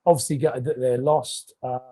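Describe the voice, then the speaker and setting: A man's voice: medium pitch, steady tone, moderate pace, mellow, husky. Guy in his 30s on a podcast, swearing a lot, rambling funny stories. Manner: swears freely, rambling comic storytelling. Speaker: podcast co-host. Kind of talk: casual chat.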